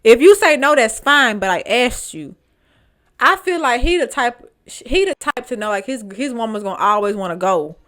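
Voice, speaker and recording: A woman hosting a storytime vlog. She reads online posts aloud and reacts to them in an animated, dramatic, slangy way. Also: a little high, normal speed. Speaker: storytime vlogger.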